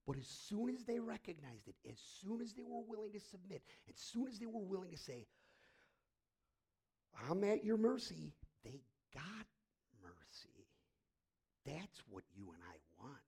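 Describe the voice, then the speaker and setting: A middle-aged male pastor preaching and praying, swinging from hushed whispers to loud emphatic bursts. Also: high voice, big pitch swings, normal speed, vocal fry, slightly rough. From Irish heritage. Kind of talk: sermon and prayer.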